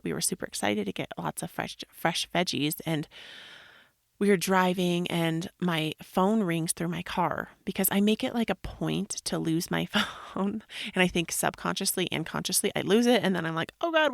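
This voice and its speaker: A woman in her thirties tells a story in a casual, rambling way, with "like" dropped in again and again. Her voice sits fairly low and has a gravelly edge. She is recorded close and dry. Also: no echo. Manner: chatty, rambling, many "like" fillers. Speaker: podcast host.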